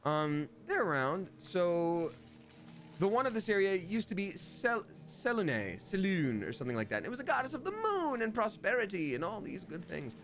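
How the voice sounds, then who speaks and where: Streaming a fantasy game, this man keeps up playful, casual chatter with his viewers and slips into goofy voices now and then. His voice sits high and sounds a bit bright, very animated but at a normal speed.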